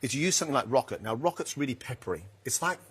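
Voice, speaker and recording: A middle-aged man, a chef, chatting relaxed while he cooks a dish live in a TV studio kitchen. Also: medium pitch, very fast, slightly rough. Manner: chatty, relaxed, talks to the pan. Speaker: guest chef. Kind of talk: cooking demonstration on TV.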